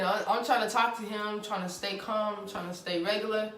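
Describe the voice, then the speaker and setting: Young woman vlogger, animated profane storyteller, distant roomy mic. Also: medium pitch, normal speed. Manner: animated, laughing, slangy and profane. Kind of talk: casual storytime chat. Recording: roomy sound from a distant mic with faint music.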